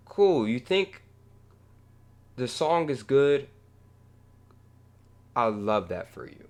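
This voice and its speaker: A young man running a music channel talks casually in a casual reaction vlog. He rambles profanely, swinging from low mumbling to heated ranting.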